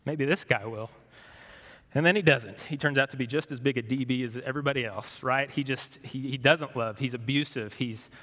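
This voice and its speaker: A man of middle pitch preaches a sermon as a pastor, talking to the congregation in a conversational way and asking them questions. He swings between animated passages and hushed, gentle ones. His voice carries a long reverb from a church sanctuary. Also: a little fast, few pauses.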